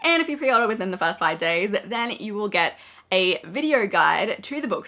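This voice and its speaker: A young woman in her twenties rambles happily to her viewers in a casual vlog. Her voice is bright and forward, set slightly low, and she keeps tumbling from one thought to the next with plenty of "like"s. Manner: excited, chatty, rambling with many "like"s. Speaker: vlogger. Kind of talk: casual talk to camera.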